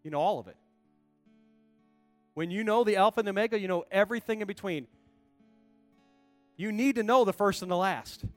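A male pastor preaching a sermon, emphatic, building to loud, passionate calls to the congregation. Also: sits high, fairly quick, pauses often, no room sound, faint music behind.

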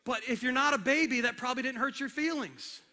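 A male pastor preaching on a church stage, with a very high pitch. His voice is bright and forceful, and he talks with animation and acts out little scenes. He speaks into a stage microphone. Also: brisk. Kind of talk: sermon. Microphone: handheld or stage microphone.

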